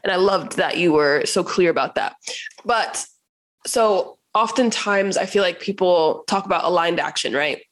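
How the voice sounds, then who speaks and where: A young woman hosting a casual podcast conversation as a creative coach, animated, laughing often and acting out inner voices. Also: on the low side, moderate pace.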